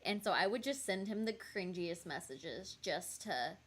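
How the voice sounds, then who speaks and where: A woman's voice: on the low side, lively intonation, measured pace, over a noisy crowd. A married woman guest on a livestream, chatting and telling stories in a playful, jokey way. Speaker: guest streamer. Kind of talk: casual chat on a livestream.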